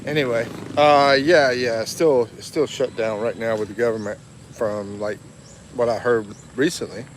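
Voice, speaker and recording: A man's voice: medium pitch, fairly even intonation, measured pace, a little hiss or hum. A man on a casual live walking vlog, chatting, reading viewer comments aloud and laughing often. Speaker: livestream vlogger. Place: outdoors in a town.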